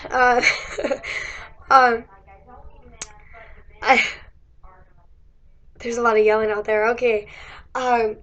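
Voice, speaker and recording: Young woman vlogger, high-pitched, chatty and giggly, voice going. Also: flat delivery, extremely slow, pauses often, a bit bright, lo-fi sound. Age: young adult. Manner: chatty, giggly, many likes and acted-out quotes. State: losing her voice. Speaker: college student vlogger. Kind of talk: casual storytelling chat. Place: indoors.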